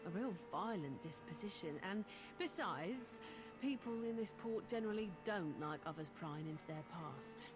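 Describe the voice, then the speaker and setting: An actress playing a bored, sly female elf wizard in game dialogue, speaking in a flat monotone. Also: medium pitch, moderate pace, music in the background, lightly acted.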